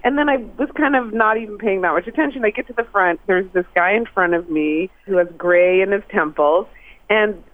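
A woman's voice: mid-range voice, brisk, no echo. A woman in her sixties, a guest calling in by phone, telling a story casually and laughing often. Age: 60s. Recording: slightly dull phone line.

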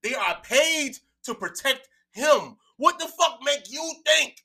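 A man co-hosting a podcast in casual chat, animated and profane, repeating phrases and laughing often. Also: very high-pitched, takes it slowly, few pauses. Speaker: podcast co-host.

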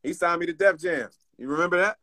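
A man's voice: fairly high pitch, quick pace, sharp tone. A man who is a guest on a casual interview over a video call, answering in a thoughtful, laid-back and friendly way.

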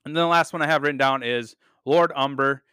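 Male podcast host, casual enthusiastic reviewer, filler-heavy delivery; bright, smooth tone. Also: medium pitch, a little fast, no echo, studio quality. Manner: rambling, enthusiastic, many fillers and casual swearing. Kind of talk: casual chat.

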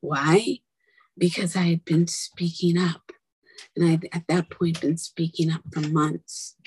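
A woman's voice: fairly low pitch, fairly even intonation, unhurried, a little mellow, slight background noise, poor audio. A woman telling her own story in a candid, angry, blunt and profane monologue, with whispered asides.

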